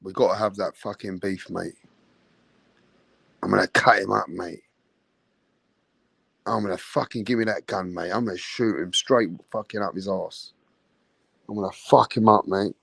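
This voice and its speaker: A man's voice: on the low side, a little slow, vocal fry, pauses often, slightly rough, dry recording, pitched below the performer's own voice, full character voice. A man doing a growling gangster. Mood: menacing. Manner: growling threats, swearing. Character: menacing male London gangster, threatening and crude.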